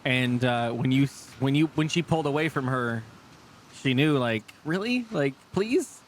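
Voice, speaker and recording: A man doing casual gameplay commentary as a streamer, animated, swearing often and thinking aloud. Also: medium pitch, moderate pace, slight background noise.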